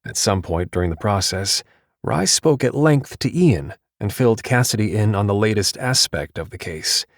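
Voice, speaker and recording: A man narrating an audiobook in a steady, measured read. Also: fairly low pitch, dry recording, studio quality.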